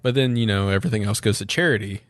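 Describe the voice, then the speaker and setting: A man's voice: fairly low pitch, very fast, dry recording, studio quality. A man co-hosting a casual podcast, easygoing and chuckling as he chimes in. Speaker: podcast co-host.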